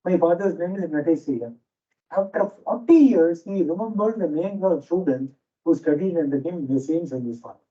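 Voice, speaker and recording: A man's voice: on the high side, normal speed, dark tone. A man with an Indian English accent, lecturing teachers as a management teacher, telling stories and repeating key phrases for emphasis. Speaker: management teacher giving a faculty talk. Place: lecture hall with a noisy fan. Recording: dull, distant hall recording.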